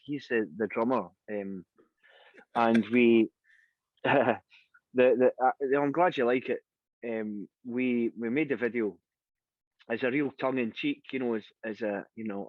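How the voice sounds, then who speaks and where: A man's voice: medium pitch, unhurried, dry recording. Scottish man, singer, casual anecdotes, dry close sound, slightly muffled. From Scotland. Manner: lively anecdotal storyteller, acts out quoted voices. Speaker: singer and interview guest. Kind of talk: casual storytelling interview.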